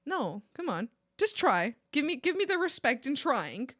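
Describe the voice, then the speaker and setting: Young woman from mexico ranting on her art stream, higher voice, laughs a lot, swears, super dry close sound. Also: normal speed, no room sound. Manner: animated, ranting, laughs often, swears casually. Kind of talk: casual live-stream chat.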